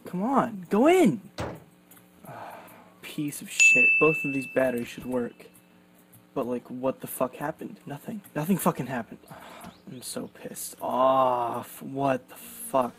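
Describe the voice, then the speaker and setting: A man's voice: medium pitch, a little slow, creaky. A young man commenting on his gameplay, exasperated and swearing often. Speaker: gaming streamer. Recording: faint background noise.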